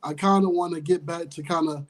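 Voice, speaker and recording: A man's voice: on the high side, steady tone, rough recording. A man calling into a live sports chat stream, speaking earnestly and carefully with lots of "you know" and "kinda.". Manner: earnest, measured, full of fillers. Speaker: caller joining the stream. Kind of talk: casual chat.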